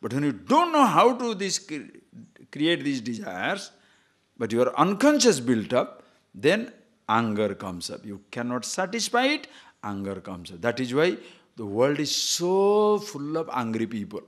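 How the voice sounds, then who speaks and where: In a medium-pitched voice and at a slightly slow pace, a spiritual teacher delivers a lively discourse. He repeats himself, tells jokes and short stories, chuckles, and regularly asks his listeners questions.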